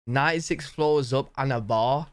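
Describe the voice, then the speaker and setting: A man's voice: medium pitch, moderate pace, slight background noise. A young man from Britain reacting to a travel video in casual commentary, joking and laughing between remarks.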